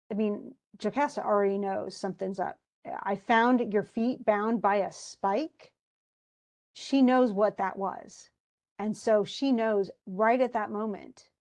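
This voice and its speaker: A woman's voice: medium pitch, a little mellow. Casual woman retelling a play. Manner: casual, acts out lines in quick voices. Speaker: teacher.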